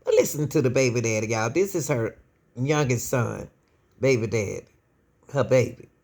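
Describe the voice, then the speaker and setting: Lady host doing true crime commentary, kinda gravelly, keeps asking y'all what they think. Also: rumbling low, animated, normal speed, darkish tone. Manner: keeps addressing the audience as y'all, asks rhetorical questions. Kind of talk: emotional casual commentary to viewers.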